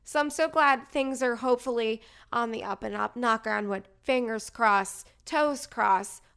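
Chatty woman with a gravelly edge. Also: on the high side, a little slow. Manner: gossipy, animated storytelling. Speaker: podcast host. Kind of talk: casual chat.

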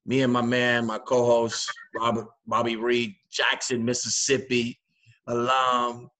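A man's voice: mid-range voice, monotone, a little slow, bright, forceful tone. A man hosting a casual interview show, upbeat and saying "man" a lot. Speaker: podcast host.

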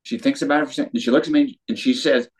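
An older man, a former tennis pro, telling a story in an interview with lively quoted voices. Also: mid-range voice, racing, slightly rough. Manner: animated storyteller with acted quotes.

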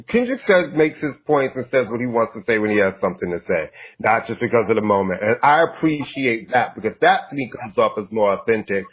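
A man's voice: medium pitch, lively intonation, fairly quick, hardly any pauses, husky. A man co-hosting a podcast in casual chat, blunt and fed up, swearing casually. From United States. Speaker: podcast co-host. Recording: tinny phone-like line.

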